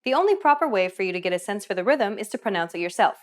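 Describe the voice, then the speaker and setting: A woman's voice: mid-range voice, sing-song, very fast. Upbeat woman hosting a language lesson. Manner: upbeat, explanatory, asks learners questions. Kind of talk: scripted lesson narration.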